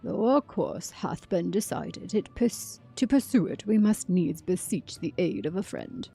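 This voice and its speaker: Woman reading pirate captain, solemn, old-fashioned formal speech, slow, gravelly. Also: on the low side, lively intonation, dark tone, soft background music, exaggerated voice. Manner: formal, old-fashioned phrasing read aloud. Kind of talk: reading game dialogue aloud.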